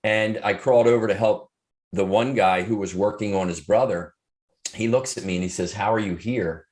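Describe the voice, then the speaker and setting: A man's voice: lowish voice, steady tone, darkish tone. A man in his fifties, an author and speaker, earnestly telling a personal story in an interview, with frequent restarts. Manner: earnest, reflective, halting with restarts.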